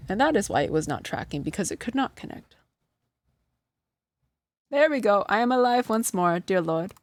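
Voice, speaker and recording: A woman's voice: medium pitch, big pitch swings, moderate pace. A woman streamer chatting casually to her live chat, flustered and self-deprecating, often breaking into laughter. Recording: dry close sound.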